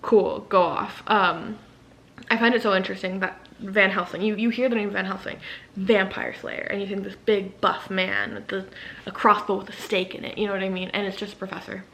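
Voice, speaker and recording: A woman's voice: mid-range voice, flat delivery, a little fast, low-quality recording. Chatty woman rambling about a book. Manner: rambling and enthusiastic, many fillers, with hushed asides. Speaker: author and book vlogger. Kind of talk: casual book summary chat.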